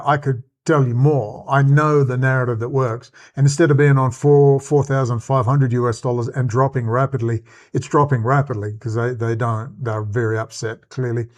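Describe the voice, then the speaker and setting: An Australian man hosting his own channel, delivering an agitated, rambling, profane commentary rant. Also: medium pitch. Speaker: channel host.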